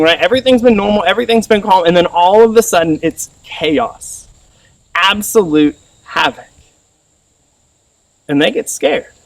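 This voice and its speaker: A man in his thirties preaching a sermon as pastor, animated and acting out the voices of others. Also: dry recording. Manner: animated, acts out voices with rising pitch. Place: church sermon recording. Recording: voice a little distant from the mic.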